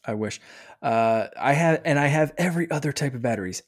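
Excited, rambling man in casual chat. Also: medium pitch, a little fast. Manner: rambling, excited, many restarts.

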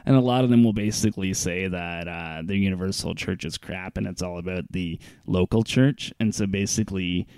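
A man's voice: low voice, brisk, hardly any pauses, darkish tone, smooth, dry recording, studio quality. A man co-hosting a casual podcast, talking in a laid-back, rambling way full of fillers. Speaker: podcast co-host.

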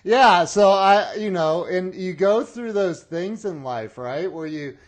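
A man's voice: high voice, slow pace. A man hosting a podcast interview, enthusiastic and laughing often, starting his sentences over. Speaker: podcast host. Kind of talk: casual interview chat.

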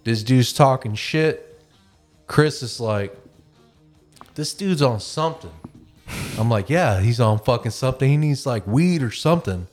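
A man hosting a podcast and telling a long, animated story, swearing freely and acting out the voices of the people in it. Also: medium pitch, normal speed, faint music behind. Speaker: podcast host. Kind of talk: casual storytelling.

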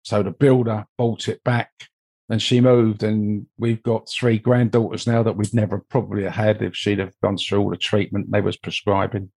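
A man's voice: on the low side, level tone, moderate pace, creaky, darkish tone, husky. An older man, telling a long, rambling personal story as an interview guest and filling it with "you know" asides. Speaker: interview guest, mold investigator. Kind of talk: conversational storytelling.

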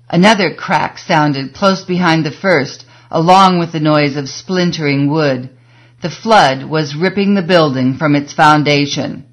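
A woman narrating an audiobook in a measured, scripted reading that slows for emphasis. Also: deep voice.

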